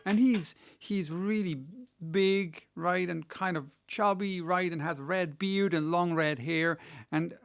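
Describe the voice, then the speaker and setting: A man's voice: high-pitched, takes it slowly, vocal fry, clean tone, faint music behind. A man answering listener questions in a casual, rambling way, often restarting and adding "right". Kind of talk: casual spoken Q&A.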